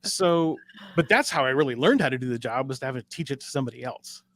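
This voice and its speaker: A middle-aged man from Alaska talks casually as a podcast guest, a dispatch trainer in his element. His voice sits at an ordinary pitch, loose and self-deprecating, padded with fillers. The sound is dry and close, with no room around it. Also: lively intonation, fast, fairly bright tone, dry recording. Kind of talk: casual interview chat.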